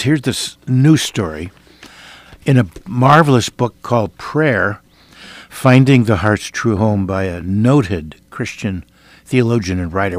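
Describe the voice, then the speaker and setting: Older man preaching with hushed, earnest swings. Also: on the low side, no room sound. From Iowa, United States. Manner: earnest, dramatic shifts between loud and hushed. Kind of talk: sermon with personal testimony.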